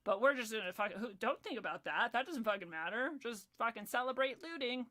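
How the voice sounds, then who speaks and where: A woman's voice: fairly high pitch, expressive, fairly quick, bright, forceful tone. A woman hosting a livestream, ranting in a heated, profane and sarcastic way, reading the chat now and then. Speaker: livestream host.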